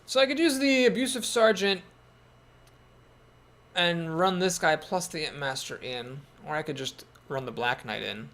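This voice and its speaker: A man's voice: fairly high pitch, a little slow, a bit bright. A man giving casual commentary on a card game, thinking aloud in a wry, self-doubting way. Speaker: gameplay commentator.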